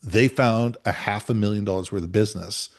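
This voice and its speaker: A middle-aged man co-hosting a podcast, telling a workplace story in an emphatic, animated way. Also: on the low side, brisk. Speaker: podcast co-host. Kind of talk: conversational storytelling.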